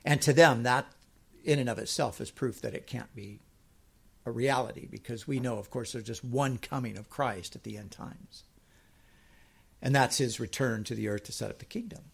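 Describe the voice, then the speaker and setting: A middle-aged man preaching a sermon, reading scripture slowly and emphatically, then explaining it in a chatty way. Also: medium pitch, vocal fry, slightly rough.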